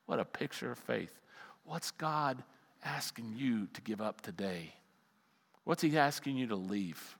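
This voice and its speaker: A middle-aged male pastor preaching a sermon, telling a personal story with animated swings between loud outbursts and quiet asides. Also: mid-range voice, normal speed, creaky, breathy edge, in a large hall.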